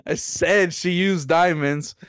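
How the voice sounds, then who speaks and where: A man's voice: high-pitched, slow, a bit bright, smooth, no room sound, studio quality. A man casually recapping a tabletop game session, rambling and profane, full of restarts and laughter. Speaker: player recapping last session.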